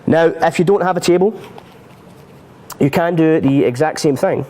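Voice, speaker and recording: A man's voice: a little high, normal speed, mellow. A man teaching card and coin magic on a live stream, chatty and self-mocking, laughing often. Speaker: magic instructor.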